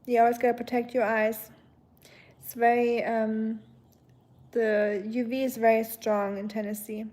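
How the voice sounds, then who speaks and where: Her voice sits on the high side, level and darkish, and she takes her time. The young German woman, speaking with a German accent, hosts a livestream and chats casually through viewer comments, often pausing on ums.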